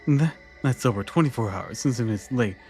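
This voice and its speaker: A man's voice: medium pitch, animated, fairly quick, a little mellow. A male streamer reading a game's dialogue and narration aloud, with casual asides. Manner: reads dialogue with light asides. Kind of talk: reading game text aloud. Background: game music.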